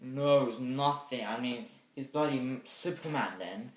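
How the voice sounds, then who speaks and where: Casual young male reviewer, mid-pitched, hesitant with loud bursts, roomy and distant mic. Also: moderate pace. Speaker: movie reviewer. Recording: echoey room, mic set back.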